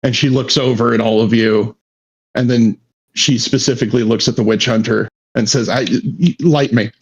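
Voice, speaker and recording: A man's voice: medium pitch, little pitch movement, moderate pace, muffled recording, slight background noise. A man running a tabletop game as game master, narrating with many halts and restarts.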